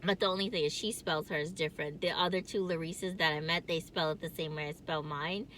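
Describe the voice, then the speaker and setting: A woman's voice: low-pitched, steady tone, a little fast, a bit bright, a little hiss or hum. A woman vlogging from her car in casual chat, with a distinctive nasal voice, rambling and laughing often.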